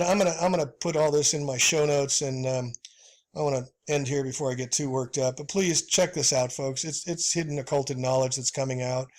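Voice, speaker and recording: A man hosting a video, giving heated commentary over slides and calling his listeners "folks," with many fillers. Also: a little high. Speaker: video host.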